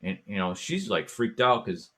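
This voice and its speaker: A man hosting a talk show, telling a story in a casual, animated way and acting out voices and chants as he goes. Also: on the low side, normal speed. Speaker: podcast host.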